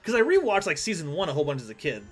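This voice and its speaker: A man's voice: fairly high pitch, wildly swooping pitch, racing, faint music behind. A man streaming a card game live, rambling and self-deprecating as he chats with his viewers. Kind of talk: live gameplay commentary.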